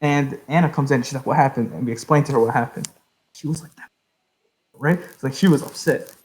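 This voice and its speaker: A man's voice: medium pitch, a little fast, darkish tone, rough recording. A young man tells a long story on a podcast. He rambles loosely and keeps checking in with "right?" as he goes. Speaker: podcast host. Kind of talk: casual storytelling.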